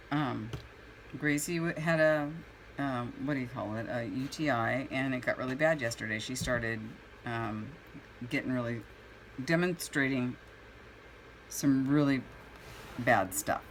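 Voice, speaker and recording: A woman's voice: a bass voice, unhurried, long pauses, a little hiss or hum, poor audio. A woman chatting casually while painting at home, a rambling storyteller who acts out her own reactions. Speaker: crafting vlogger.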